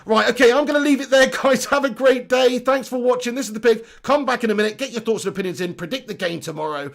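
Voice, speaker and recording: A high-voiced man with a gravelly edge, hosting a fan live stream. He is chatty and upbeat and often breaks into laughter as he reads out viewer comments. His talk is loose and friendly. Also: fast talker. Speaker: football channel host.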